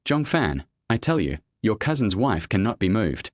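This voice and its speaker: A man's voice: fairly low pitch, big pitch swings, normal speed. A man voicing a scheming, contemptuous young man in a narrated web comic recap, taunting and sneering. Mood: angry.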